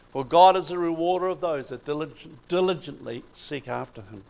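Gravelly-voiced man preaching a sermon. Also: medium pitch, a little fast, hardly any pauses, rough recording. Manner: retells Bible stories with animated emphasis.

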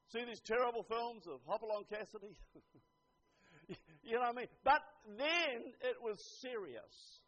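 An older man preaching a sermon, earnest, dropping to a hush and then rising to emphatic lines. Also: very high voice. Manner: earnest, swings from hushed to emphatic. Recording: dull lo-fi recording.

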